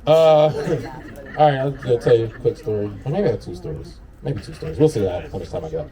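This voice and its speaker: A man's voice: medium pitch, very animated, fast talker, crowd noise. A man doing a brash stand-up comedy set on an outdoor patio, swearing and laughing through his own lines. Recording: distant mic with loud audience.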